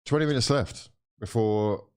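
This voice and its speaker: A man's voice: mid-range voice, normal speed, smooth. A man hosting a live football watchalong, reacting with sighs, swearing and mock despair while calling the play. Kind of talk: live match reaction and commentary.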